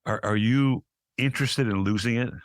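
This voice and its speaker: An American man hosting a podcast interview, chatty and quick to laugh, often restarting his sentences. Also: medium pitch, no room sound, clean studio sound. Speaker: podcast host. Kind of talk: casual interview chat.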